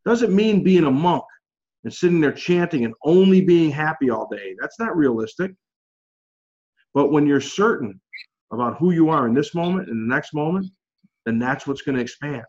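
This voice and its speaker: A man's voice: a little high, lively intonation, normal speed, darkish tone. A man coaching a group over a call, chatty and encouraging, his talk loose and full of fillers. The audio is a bit dull and lo-fi.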